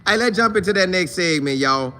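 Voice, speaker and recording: Shouting out viewers by name, a man runs a laid-back sports talk live stream with animated, slang-heavy talk. He sits high in pitch and speaks briskly.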